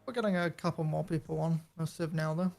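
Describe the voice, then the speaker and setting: A British man joins a casual chat. His voice is a touch high and gravelly with fry. His answers come short and hesitant. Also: fairly even intonation, quick pace, a little mellow. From United Kingdom. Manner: brief, hesitant replies. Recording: faint music behind.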